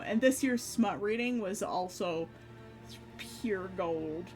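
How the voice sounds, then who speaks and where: A woman's voice: mid-range voice, animated, slow, a little mellow. Giggly woman streamer over music. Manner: giggly, rambling, laughs often between phrases. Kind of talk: casual stream chat. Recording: background music under voice. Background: background music.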